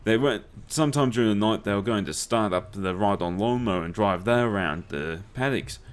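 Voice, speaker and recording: A man's voice: on the low side, fairly quick, clear, resonant tone. A young man, telling swear-laden stories and laughing as he plays a game. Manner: swears freely, laughs through his stories. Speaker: let's play host. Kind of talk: casual storytelling over gameplay.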